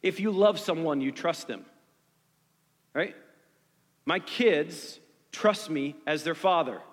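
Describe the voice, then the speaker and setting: A man's voice: fairly high pitch, long reverb tail. A man in his forties preaching a sermon in earnest, building through repeated phrases. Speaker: pastor.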